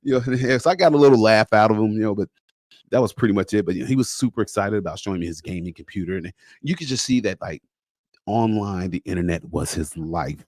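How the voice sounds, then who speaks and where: A man hosting a podcast in a casual, animated monologue, slangy and acting out bits of dialogue. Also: lowish voice, fairly quick, no echo, studio quality. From United States. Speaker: podcast host.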